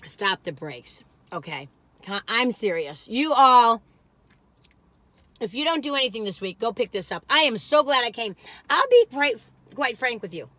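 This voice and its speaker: A woman's voice: a little high, sing-song, normal speed, sharp tone, no echo. An older woman, rambling in a folksy, exclamatory way while reviewing cookies on her vlog. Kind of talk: casual chatty food review.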